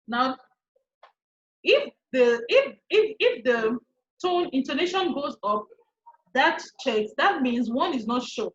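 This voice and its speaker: A Nigerian woman teaching an online English lesson, repeating each point slowly with frequent restarts. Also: high voice, big pitch swings. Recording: echoey, muffled lo-fi room recording.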